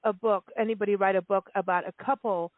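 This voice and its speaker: A woman's voice: mid-range voice, steady tone, quick pace, no echo. A woman co-hosting a radio show, chatting casually with frequent laughs and rambling asides. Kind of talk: casual radio interview chat. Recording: tinny phone-line sound.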